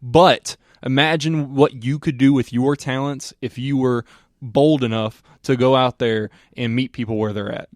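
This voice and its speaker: A man with a mid-range voice, talking earnestly in a relaxed chat. He pads his sentences with "you know" as he works through his thoughts. The recording is close and dry. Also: mid-range voice, measured pace, dry recording. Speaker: co-host. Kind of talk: casual chat.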